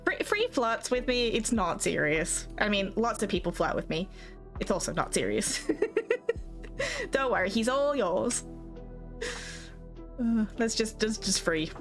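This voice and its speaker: A woman's voice: medium pitch, lively intonation, unhurried, long pauses, over music. A woman with an Australian accent, slightly Americanized, chatting casually with her live chat as a streamer, rambling and giggling.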